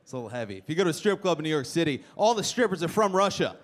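A stand-up comic on a comedy club stage brashly teases the crowd with punchlines, racing along in a slightly high voice with big pitch swings. The live recording carries audience noise and laughter.

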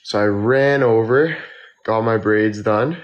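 A young man chatting casually on a phone livestream, tired and tipsy from drinking, rambling slowly with lots of fillers. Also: fairly low pitch, muffled recording. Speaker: model and livestreamer.

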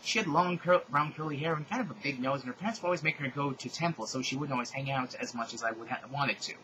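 A man's voice: mid-range voice, fast, background noise. A man hosting a comedic reading of fan fiction, with sardonic, exasperated asides.

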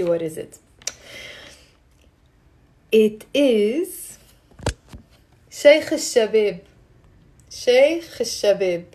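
A woman teaching a live online Arabic lesson, animated and repeating phrases slowly for learners. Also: medium pitch, a little hiss or hum.

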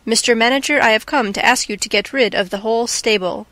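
A woman's voice: on the high side, fast talker, fairly bright tone, no room sound, natural voice. A woman voicing a dry, stubborn male head stableman in a plain, matter-of-fact tone.

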